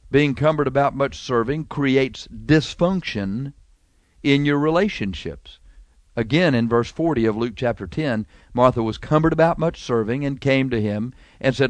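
A male preacher delivering a sermon in a mid-pitched voice. He talks animatedly, piling up rhetorical questions and slowing down to lean on key phrases. The recording is dry and close, with no room echo. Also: lively intonation.

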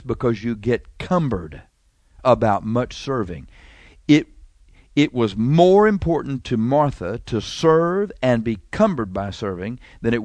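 A male preacher delivering a sermon in a mid-pitched voice. He talks animatedly, piling up rhetorical questions and slowing down to lean on key phrases. The recording is dry and close, with no room echo. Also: a little mellow.

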